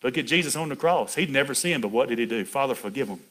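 A man's voice: medium pitch, quick pace, a bit bright. A middle-aged man preaching a folksy sermon, chatty and laughing, calling out to people in the pews by name.

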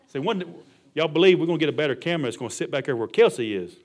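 A man's voice: a little high, animated, rapid-fire. A middle-aged male pastor preaching a sermon, emphatic and colloquial, punctuating his points with amen and hallelujah.

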